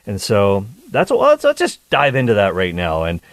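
Man, radio host, casual chatty talk, fairly low voice, dry studio mic. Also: huge pitch swings, moderate pace, dry recording. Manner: chatty, self-interrupting with playful asides.

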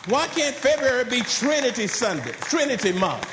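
A man preaching to his congregation in a high, animated voice that leaps and drops. He swings between loud, rising calls and quiet, low asides. The sound carries the echo of a big room. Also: moderate pace, a crowd in the background, background noise. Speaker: pastor. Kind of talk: sermon.

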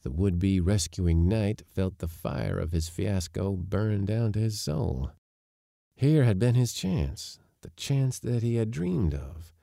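Deep, gravelly male storyteller. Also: takes it slowly, no room sound, clean studio sound. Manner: expressive, wry storytelling. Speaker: audiobook narrator. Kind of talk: scripted story narration.

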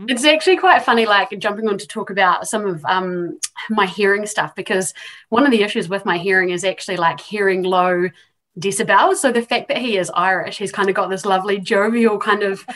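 A woman's voice: medium pitch, fairly quick, a bit bright. A woman guest, a self-love coach, talking in a chatty casual way full of "like" and "um". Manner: chatty, full of fillers like "like" and "um", laughs easily. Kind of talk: casual chat.

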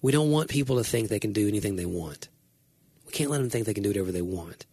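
A man with a husky, slightly breathy voice talks through matters of faith in an earnest, meandering way, often restarting his sentences. His sound is close and dry, with no room around it. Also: fairly low pitch, animated, quick pace, mellow, no echo. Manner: earnest, rambling, self-correcting. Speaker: Christian podcast co-host. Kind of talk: casual faith conversation.

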